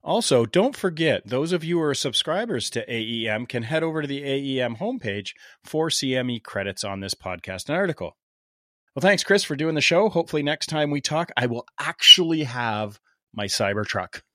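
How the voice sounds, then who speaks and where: A man's voice: mid-range voice, expressive, normal speed, fairly bright tone, no room sound. An upbeat man hosts a casual medical podcast, joking with his guests. His voice sits in the middle range and sounds close and dry, with no room sound. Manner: upbeat, jokey. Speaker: podcast host.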